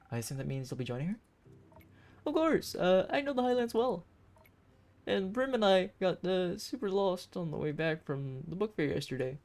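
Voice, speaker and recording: A woman's voice: on the low side, a little mellow. A woman voicing an eager, kind young female adventurer who talks in a bubbly rush with many fillers, in a visual novel game.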